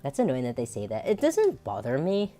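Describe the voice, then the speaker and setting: A woman's voice: a bass voice, wildly swooping pitch, brisk, warm tone, faint music behind. A woman streamer with a nasal, androgynous voice, chatting casually and rambling, laughing often. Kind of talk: casual chat.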